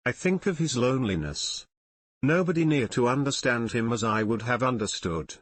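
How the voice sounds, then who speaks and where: A man reading the lines of a grieving young woman in an audiobook, hushed and mournful with emphatic repetitions. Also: mid-range voice, lively intonation, moderate pace, lightly acted. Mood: pleading.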